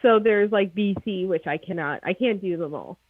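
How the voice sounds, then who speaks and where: A chatty, excitable woman with a Maritime Canadian accent talks as a guest over a video call. Her voice comes through a tinny, phone-like line with a narrow band. The sound is dry, with no room around it. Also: medium pitch, moderate pace, no room sound. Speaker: guest, snake breeder. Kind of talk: casual livestream interview.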